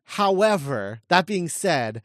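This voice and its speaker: A man's voice: high voice, sing-song, takes it slowly, fairly bright tone, slight background noise. A male podcast co-host chatting casually about a TV episode, laughing often and using many fillers. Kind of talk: casual chat.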